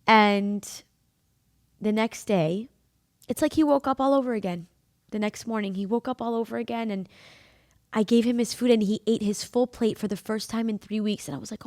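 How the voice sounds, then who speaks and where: A woman's voice: medium pitch, dry recording, clean studio sound. Candid young woman telling a story. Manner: emotional, candid, many "like" fillers. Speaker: podcast host. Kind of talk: personal storytelling.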